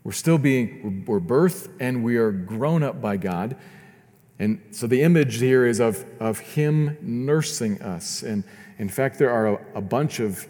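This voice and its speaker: Man, pastor, sermon, earnest, repeats words, mellow voice, long hall reverb. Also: mid-range voice, animated, unhurried. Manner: earnest, repeats words while building points.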